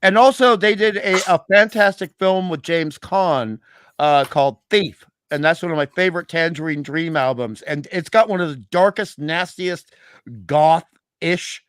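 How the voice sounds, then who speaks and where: A man's voice: on the high side, unhurried, fairly bright tone, clear, resonant tone, no room sound. A man chatting as a podcast guest, opinionated and wry, with many restarts. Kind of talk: casual podcast chat.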